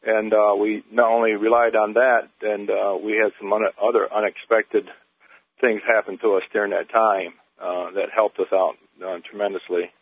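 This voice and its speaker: An older man calling in, telling his story haltingly with many pauses and fillers. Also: fairly low pitch, level tone, no room sound. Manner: halting, many uh and um, gets emotional. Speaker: caller. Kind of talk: phone-in testimony. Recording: tinny phone line.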